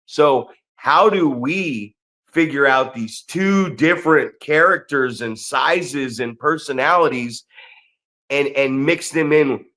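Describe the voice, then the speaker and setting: A man's voice: mid-range voice, takes it slowly, pushed and bright. Rambling, profane male podcast host. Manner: rambling, profane, restarts often. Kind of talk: casual podcast chat.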